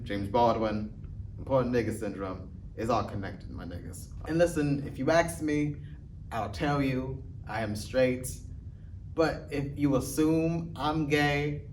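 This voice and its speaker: A young man doing a casual stand-up set, rambling and deadpan with lots of swearing. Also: mid-range voice, slight background noise. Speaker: stand-up comedian. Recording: distant mic with faint ambience.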